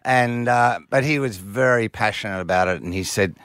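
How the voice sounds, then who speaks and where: A man's voice: lowish voice, moderate pace, fairly bright tone. A man with an Australian accent, a musician guest on breakfast radio, telling stories in a rambling, hesitant way. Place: radio studio.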